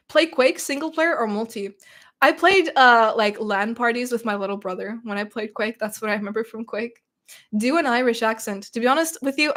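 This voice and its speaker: A young woman streamer from Russia chats through a livestream Q&A, reading comments aloud. Her voice sits a little high. She banters in a teasing, playful way. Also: a bit bright. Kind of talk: casual livestream Q&A.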